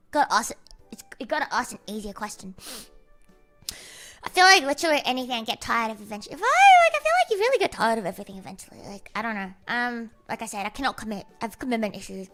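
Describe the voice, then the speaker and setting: A woman's voice: fairly high pitch, animated, fast, sharp tone, faint music behind. A young woman chatting casually on a livestream, rambling, swearing freely and joking with her viewers.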